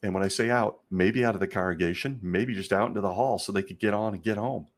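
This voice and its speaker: A man's voice: fairly low pitch, quick pace. A middle-aged man and former church elder, candidly recounting a personal story to his listeners in an earnest monologue. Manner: earnest, candid, talks straight to listeners as "folks". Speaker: former congregation elder, show host.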